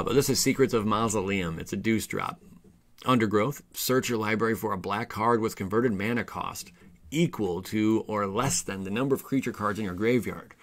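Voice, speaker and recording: Reading card text aloud and tripping over his words, a man with a voice on the low side excitedly goes through new card spoilers on his card game channel in a casual manner.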